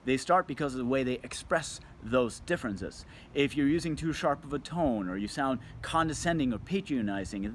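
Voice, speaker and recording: A male communication coach talks straight to the camera in a scripted video, teaching viewers about tone of voice. He expressively shifts emphasis and tone to show how delivery changes meaning, his medium-pitched voice carrying a little hiss or hum.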